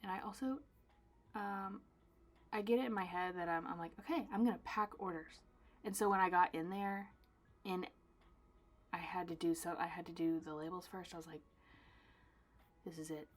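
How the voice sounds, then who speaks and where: A young woman artist chatting casually while she packs her own orders, dramatic and self-mocking, swinging between loud bursts and soft asides. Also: on the low side, fairly even intonation, moderate pace, pauses often. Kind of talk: casual vlog chat.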